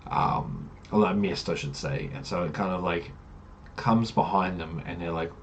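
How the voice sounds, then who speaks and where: Brief: casual game master recap, rambling with fillers, slightly low voice. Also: male voice, moderate pace, slight background noise. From Australia. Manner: rambling, many fillers and self-corrections. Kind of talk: casual campaign recap narration.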